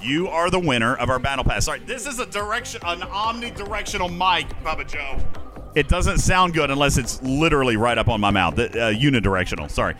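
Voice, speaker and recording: A man's voice: fairly high pitch, expressive, fairly quick, over music. A man hosting a casual podcast livestream, playful and hyping up his audience. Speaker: podcast host.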